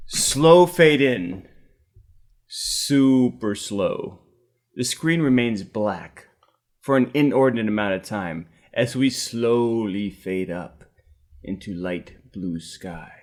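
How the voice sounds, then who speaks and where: A man co-hosting a comedy podcast who reads stage directions aloud in a slow, drawn-out, deadpan manner. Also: on the low side. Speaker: podcast co-host.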